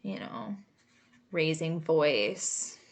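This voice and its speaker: A woman therapist talks through an exercise in a slow, unhurried way, full of casual fillers and little asides. Her voice sits a bit low, and she takes her time over every point. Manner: relaxed, chatty, many fillers and asides. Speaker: creative arts therapist. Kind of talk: casual instructional talk.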